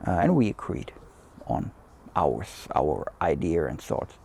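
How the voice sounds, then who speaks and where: A man's voice: deep voice, very animated, takes it slowly, creaky, darkish tone, breathy edge. A man hosting a cigar show, talking in a loose, rambling way with many fillers and restarts. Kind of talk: casual chat.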